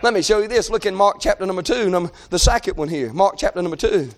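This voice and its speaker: A man delivers a fervent sermon in a very high voice. He moves between shouted pleading and low, quiet talk. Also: animated, fast. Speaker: preacher.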